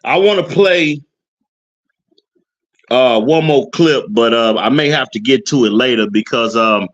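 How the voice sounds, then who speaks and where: Halting male live stream host. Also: mid-range voice, highs cut off. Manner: relaxed, halting, many fillers. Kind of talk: casual live stream chat.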